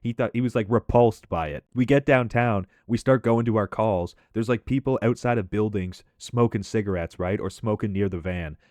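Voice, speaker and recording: A man's voice: on the low side, normal speed, few pauses, a little mellow, no echo. A man casually telling a story over gameplay commentary, chatty and loose, often laughing and tagging lines with "right?".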